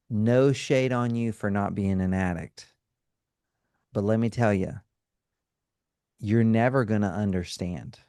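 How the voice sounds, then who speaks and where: In a clean, echo-free studio recording, a male counselor and trauma specialist appears as an interview guest. His low, mellow voice explains things like a teacher, often checking in with "right?" and "okay?".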